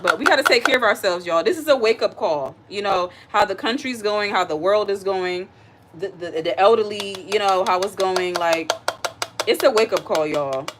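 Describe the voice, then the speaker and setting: A livestream host cooks in her home kitchen, talking casually in a medium-pitched, fairly bright voice at normal speed over slight background noise. She speaks directly to viewers, reads comments aloud, and earnestly repeats what she's saying.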